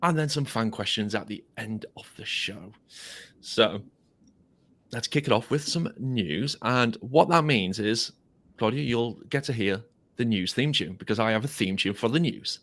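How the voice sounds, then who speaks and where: English guy hosting a footy podcast from his converted garage, lowish bright voice, rambly and easygoing. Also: lively intonation, a little slow. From England. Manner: chatty, self-deprecating, rambling. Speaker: podcast host. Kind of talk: casual chat. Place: home studio in a converted garage.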